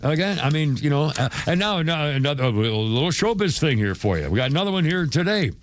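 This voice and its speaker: A man's voice: on the high side, very animated, a little fast. A man hosting a radio show, rambling through showbiz news in a casual chat with many fillers and chuckles.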